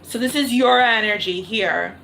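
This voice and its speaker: A woman's voice: a little high, measured pace, creaky, pushed and bright, a little hiss or hum, rough recording. A woman reading tarot cards on a livestream, thinking aloud and repeating her questions to spirit. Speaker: tarot reader. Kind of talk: live-streamed tarot reading.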